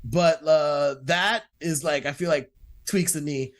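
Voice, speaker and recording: A man with a somewhat high voice, talking casually as a guest on a podcast. He gropes for words, saying "like" again and again and restarting his sentences. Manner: halting, heavy use of "like" and fillers. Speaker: podcast guest, jiu-jitsu black belt. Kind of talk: casual chat.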